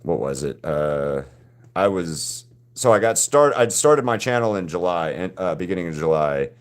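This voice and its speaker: A man's voice: deep voice, very animated. A man hosting a live drawing stream, chatting casually with viewers and often restarting his sentences. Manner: halting, frequent restarts and repeated words.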